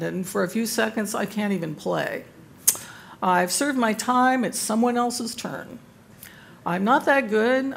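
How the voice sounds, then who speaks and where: An older woman leads a Bible study group, mixing scripture with self-deprecating humor. Her voice has a gravelly edge. A faint background hiss runs under the recording. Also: medium pitch. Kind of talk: devotional talk to a group.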